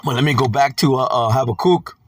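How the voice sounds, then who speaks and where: A man teaching from scripture in a casual preaching style, tossing in "man" and "okay" and reading verses slowly and deliberately. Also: medium pitch, no room sound.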